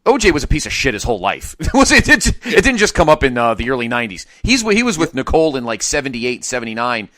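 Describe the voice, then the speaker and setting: A man in his forties co-hosting a podcast in casual chat, animated and prone to trailing off and restarting. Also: mid-range voice, fast, dry recording. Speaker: podcast co-host.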